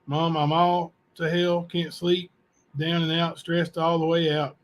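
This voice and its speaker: A man hosting a channel, reading letters aloud to viewers in a plain, unhurried way with asides. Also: a little high, level tone. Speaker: channel host.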